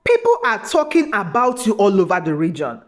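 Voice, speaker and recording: A woman voicing a suspicious, practical grown daughter who talks in a shrill, demanding way in a storybook tale. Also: wildly swooping pitch, brisk.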